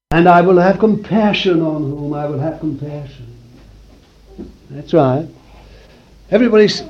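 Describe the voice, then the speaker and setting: A man preaching a sermon to a congregation in a room, swinging from loud declarations to hushed asides. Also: on the high side, poor audio.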